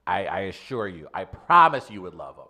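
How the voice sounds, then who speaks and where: A man co-hosting a podcast in loud, jokey, excitable banter. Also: low-pitched, fairly quick. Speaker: podcast co-host. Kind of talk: casual banter.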